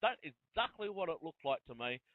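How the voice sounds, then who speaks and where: A man's voice: a little high, very animated, fast, dry recording. Aussie guy hosting over the phone, tinny and dry, talks kinda earnest. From Australia. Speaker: host. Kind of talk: casual interview.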